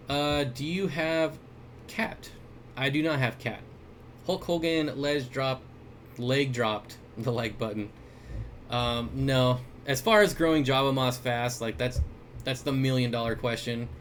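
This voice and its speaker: A man hosting a casual livestream, reading viewer comments aloud and answering aquarium questions in a relaxed, chuckling way with lots of fillers. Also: medium pitch, unhurried, a little hiss or hum. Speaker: aquarium store owner and livestream host. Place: indoors, at his fish room or store. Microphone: desk mic.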